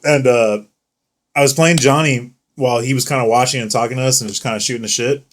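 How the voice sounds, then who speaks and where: A man's voice: mid-range voice, fairly even intonation, fast. Profane, laughing young man telling stories. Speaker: podcast co-host. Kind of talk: casual chat.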